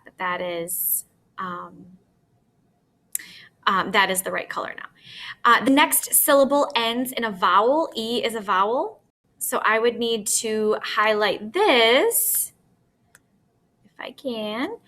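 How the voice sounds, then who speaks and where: A woman's voice: a little high, sharp tone. A woman teacher explaining a lesson step by step, patiently, often checking in with "okay?". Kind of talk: recorded classroom lesson.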